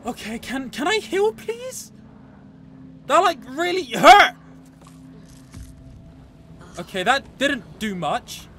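A man giving excitable, joking let's play commentary, often shouting and swearing at the game. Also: very high-pitched, slow, pauses often, a little hiss or hum. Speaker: gaming channel host.

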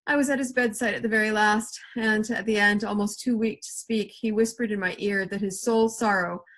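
A sly male pig speaks with put-on sorrow, smooth and ingratiating, as a woman reader plays him. The tone is soft and breathy. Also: mid-range voice, fairly even intonation, a little fast, close to an everyday voice. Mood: mock-sorrowful.

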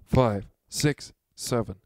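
A man giving a drum lesson, talking in a halting, earnest way and counting out beats as he demonstrates. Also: mid-range voice, a little mellow. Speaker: drum teacher. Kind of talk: instructional demonstration.

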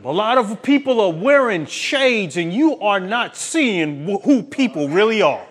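A man's voice: sits high, big pitch swings, unhurried. A male pastor preaching a sermon with emphatic, preachy delivery and laughing at his own points.

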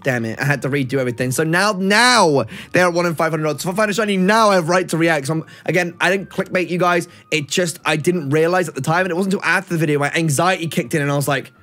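A man's voice: a little high, fast talker, few pauses, pushed and bright, soft background music. A young man hosting a casual gaming chat, chatty and self-deprecating as he explains things. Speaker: channel host.

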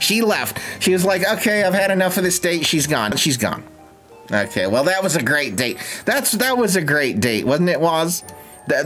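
A man's voice: fairly high pitch, fairly bright tone. A young man streaming a life-sim game, with casual, sarcastic, jokey commentary and frequent swearing.

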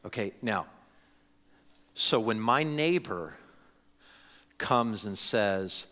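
A man's voice: on the low side, expressive, extremely slow, pauses often, sharp tone, big-room sound. A pastor in his forties preaching a sermon in a church, acting out the voices of the people he quotes. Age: 40s. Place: church sanctuary.

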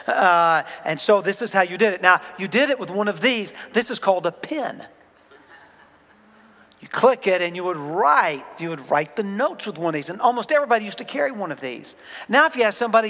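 A high-voiced male pastor with a Southern American accent preaches to his congregation in a chatty way, with jokes along the way. His voice carries the long reverb of a church sanctuary. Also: lively intonation, fairly quick, a bit bright. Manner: conversational, joking with the congregation. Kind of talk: sermon.

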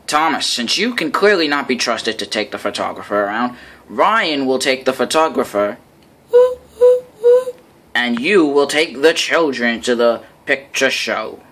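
A man voicing a stout, stern male railway boss who scolds and booms in a storybook reading. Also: lively intonation, unhurried, sharp tone. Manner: scolding, booming.

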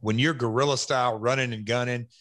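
A man's voice: mid-range voice, steady tone, a bit bright, no room sound. A Southern man in his fifties talks through old memories on his podcast, stopping and restarting as he thinks. His voice sits mid-range and sounds dry and close. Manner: reflective, halting, restarts. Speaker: podcast host. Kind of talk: casual podcast chat.

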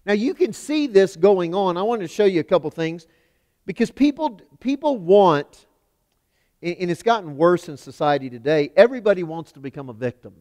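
A man preaching a sermon in a church, emphatic, swinging from loud declarations to hushed lines. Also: sits high, animated, normal speed. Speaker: pastor. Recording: long hall reverb.

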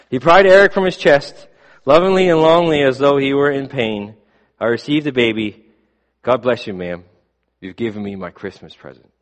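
A man preaching a sermon, telling a story in measured tones that fall soft at the ends of lines. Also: fairly low pitch. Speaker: pastor. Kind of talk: sermon with a read-aloud story. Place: church sanctuary. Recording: long reverb of a church hall.

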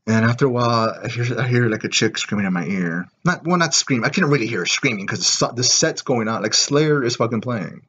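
Man vlogger, mid-pitched and husky; profane, rambling rant on a dull lo-fi recording. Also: expressive, fairly quick, few pauses, fairly bright tone, a little hiss or hum. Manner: profane, rambling, heavy filler words. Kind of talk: casual rant to camera.

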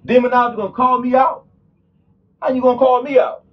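A man's voice: very high voice, level tone, a little fast. A man vlogging from a drag strip, boasting and trash-talking his rival and repeating his brags. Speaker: YouTuber, drag racer. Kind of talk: hyped casual vlog talk. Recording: distant, dull lo-fi sound with faint noise.

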